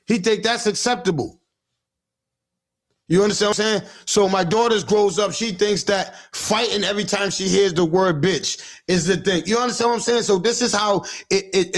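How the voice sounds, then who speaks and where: A man with a high, gravelly voice speaks straight to his livestream audience. His talk is blunt and full of swearing, and he keeps stopping, restarting and repeating himself. He comes across as a father working through his own guilt in a loose street-talk monologue. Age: adult father. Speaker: livestream host giving parenting talk. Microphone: livestream setup.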